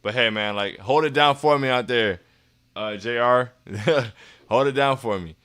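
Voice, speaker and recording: A young man hosting a casual fan livestream, reading chat comments aloud in slangy, hyped talk that sometimes turns soft and earnest. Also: medium pitch, unhurried, clean tone.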